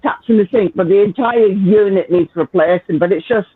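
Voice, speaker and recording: Chatty northern english guy, high voice, dry tinny phone-ish sound, swears a lot. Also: normal speed, breathy edge. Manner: chatty, swears freely, laughs often. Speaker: livestream host. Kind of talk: casual chat.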